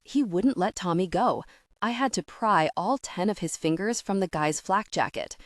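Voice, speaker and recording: A woman reading the lines of a weary young female soldier in a quiet voice. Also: mid-range voice, moderate pace, no room sound, studio quality, natural voice.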